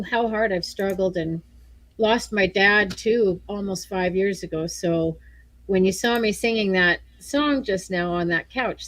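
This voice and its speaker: A woman's voice: medium pitch, dry recording. A woman guest on a video-call show, talking through tears in a rambling way and laughing often. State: crying. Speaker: featured guest singer. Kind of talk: emotional interview chat.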